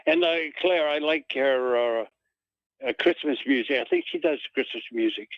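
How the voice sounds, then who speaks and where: Rambling gravelly male caller on a phone. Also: fairly high pitch, big pitch swings, moderate pace, no echo. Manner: rambling, hesitant. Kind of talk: call-in talk radio. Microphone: telephone. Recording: muffled phone line.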